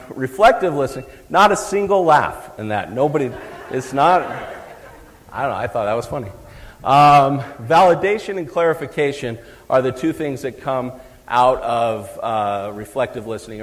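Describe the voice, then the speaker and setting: A middle-aged man giving a live talk on parenting to an audience, chatty and joking with the crowd. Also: medium pitch. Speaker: psychologist speaking at a parenting event. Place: large hall, live event. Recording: long hall reverb.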